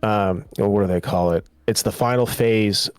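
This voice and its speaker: A man's voice: lowish voice, moderate pace, clear, resonant tone, no echo, soft background music. A man co-hosting a podcast, loosely retelling a TV series in casual chat and slipping into quoted lines. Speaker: podcast host.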